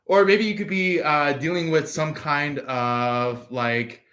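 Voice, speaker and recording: A man giving a casual live tarot reading, filling his talk with pauses and acting out the people he quotes. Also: a little high, fairly even intonation, a bit bright. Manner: acts out quoted voices, laughs, filler-heavy. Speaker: tarot reader.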